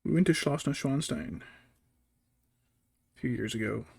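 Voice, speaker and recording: A man's voice: medium pitch, unhurried, gravelly, darkish tone, slightly rough. A young adult man chatting casually while painting miniatures, telling rambling, profane stories. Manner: profane, rambling storytelling with mocking impressions.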